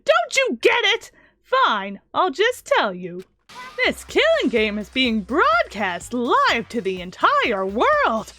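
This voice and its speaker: A woman's voice: sits high, wildly swooping pitch, slow, bright, forceful tone, pitched below the performer's own voice, full character voice. A woman voicing a gleeful, crude male robot bear mastermind who cackles and taunts in a video game. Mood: mocking.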